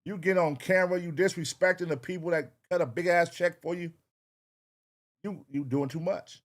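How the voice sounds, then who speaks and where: A man hosting a reaction show, talking casually and profanely straight to his viewers. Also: fairly high pitch.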